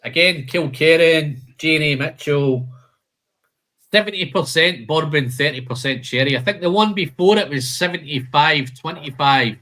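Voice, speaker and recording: A man's voice: a little high, moderate pace, bright, forceful tone. A man hosting a live whisky tasting, listing flavour notes and chatting casually, calling people "man" and "mate".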